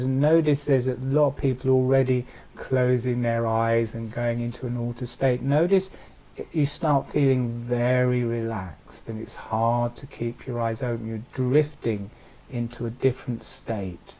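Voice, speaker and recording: Slow, mellow-voiced man guiding breathing. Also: medium pitch, steady tone, low-quality recording. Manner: slow, soothing, instructive. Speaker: meditation teacher. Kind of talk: guided breathing instruction.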